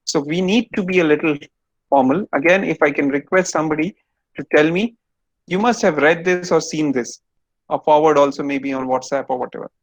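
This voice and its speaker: A man's voice: fairly high pitch, fairly quick, dry recording, lo-fi sound. A man giving an online lecture to students over a video call, explaining step by step and quizzing them.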